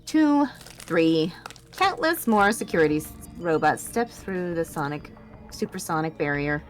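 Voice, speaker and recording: Woman reading a story script out loud, lowish voice, trips over words and fixes them. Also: expressive, measured pace, soft background music. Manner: stumbling, self-correcting reading with laughing asides. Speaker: storyteller reading an audio drama. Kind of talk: reading a story script aloud in first person.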